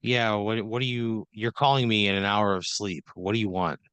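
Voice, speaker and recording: A man co-hosting a comedy podcast, complaining in an exasperated, profane deadpan. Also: on the low side, normal speed, clear, resonant tone, no room sound. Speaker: podcast co-host. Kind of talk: improvised comedy.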